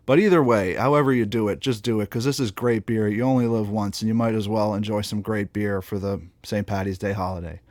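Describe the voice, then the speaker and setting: A man hosting a casual beer tasting review, chatting in a playful way and pausing between tasting notes. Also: lowish voice, fairly even intonation, a little mellow, no room sound, clean studio sound. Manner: playful, chatty, trailing pauses while tasting.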